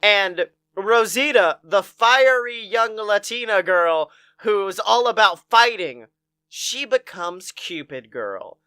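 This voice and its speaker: A man's voice: high voice, takes it slowly, smooth, no room sound. A man co-hosting a podcast, recapping a movie with lots of laughter and casual swearing. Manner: laughing, animated, swears freely. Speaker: podcast co-host. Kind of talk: casual movie review chat.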